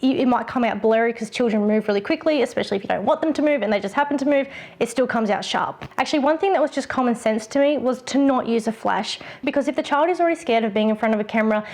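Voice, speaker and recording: Chatty, fairly high-voiced woman vlogger. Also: fast talker, darkish tone. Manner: chatty, with many ums and restarts. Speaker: photography vlogger. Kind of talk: casual tutorial talk.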